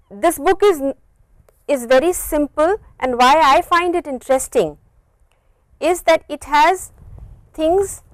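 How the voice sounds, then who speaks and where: A woman lecturing to a university class, patient and clear, repeating phrases slowly to model them. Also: high-pitched, no room sound, low-quality recording. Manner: stretches words to model pronunciation. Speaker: university language teacher.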